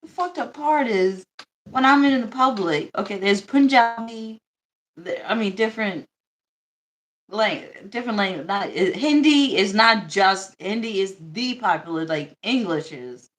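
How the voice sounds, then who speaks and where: A woman's voice: mid-range voice, expressive, a little slow. A young woman from the United States hosting a casual livestream chat, blunt and joking, laughing often and swearing freely. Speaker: livestream host.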